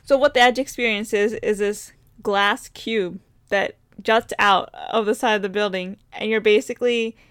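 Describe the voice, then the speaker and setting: A young woman recounting a trip in relaxed casual chat, laughing now and then. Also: medium pitch, moderate pace, clear, resonant tone, no room sound, clean studio sound. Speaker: travel storyteller.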